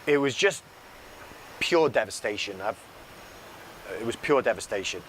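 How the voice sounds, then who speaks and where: A man telling a business story in a casual motivational talk, animated and repeating phrases for emphasis, speaking from a balcony by a road. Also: medium pitch, normal speed, slight background noise.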